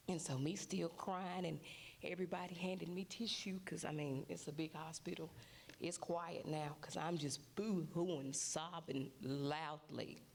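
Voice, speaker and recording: Gravelly-voiced woman telling her story. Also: deep voice, unhurried, a little hiss or hum. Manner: animated storytelling, acting out what others said. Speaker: mother giving a testimony. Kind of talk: emotional personal testimony at a church service. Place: church sanctuary.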